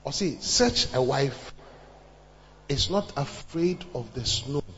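A man's voice: medium pitch, lively intonation, takes it slowly, fairly bright tone, big-room sound, dull audio, a little hiss or hum. A man preaching a sermon, quoting scripture and repeating lines with rising fervor. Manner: preaching with rising intensity and emphatic repetition.

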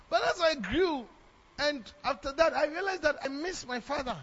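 A man's voice: very high voice, very animated, moderate pace, fairly bright tone. A man from Ghana with a Ghanaian English accent, preaching a sermon in church, emphatic and repeating lines for effect. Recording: dull lo-fi sermon recording.

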